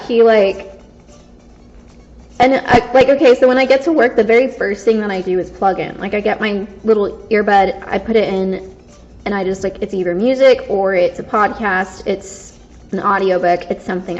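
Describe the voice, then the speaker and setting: A woman's voice: medium pitch, steady tone, moderate pace. A young woman vlogging casually, rambling and self-conscious, full of fillers and restarts. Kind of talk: casual storytelling vlog. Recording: dull lo-fi recording.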